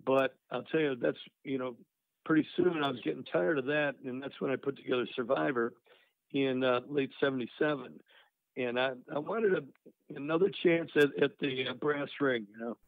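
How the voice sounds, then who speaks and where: Speaking at medium pitch and moderate pace with vocal fry, an older musician guest recounts his career in a rambling, casual interview. The phone-line audio is dry and tinny with no room sound, and he leans on "you know" and "uh."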